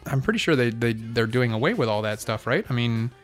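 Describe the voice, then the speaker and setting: A man from Pennsylvania hosts a loose podcast conversation into a studio mic. His voice sits at an ordinary middle pitch, and he talks in a dry, teasing way, swearing freely. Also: expressive, fairly quick, faint music behind. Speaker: podcast host. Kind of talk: casual chat. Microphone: studio mic with foam cover.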